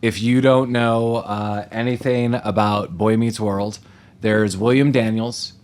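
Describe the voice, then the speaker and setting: A man co-hosting a casual movie-review podcast, jokey and animated, often laughing, recorded in a small room with his co-host. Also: on the low side, slow pace.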